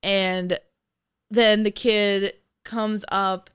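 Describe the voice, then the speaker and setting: A woman co-hosting a podcast, chatting casually about a movie, animated and profane, often laughing. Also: medium pitch, very slow, clear, resonant tone. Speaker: podcast co-host. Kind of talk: casual movie review chat.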